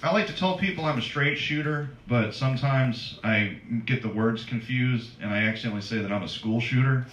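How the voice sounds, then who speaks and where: A man doing a stand-up comedy set with a deadpan, plain delivery. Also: medium pitch, fairly quick, hardly any pauses, noisy background. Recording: dull, roomy live recording from off-mic. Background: crowd laughter.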